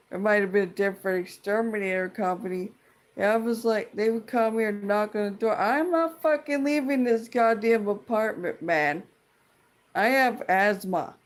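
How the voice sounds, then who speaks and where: A woman ranting in a casual vlog, profane, rambling and indignant as she vents like a fed-up tenant. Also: mid-range voice. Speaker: tenant venting about a dispute.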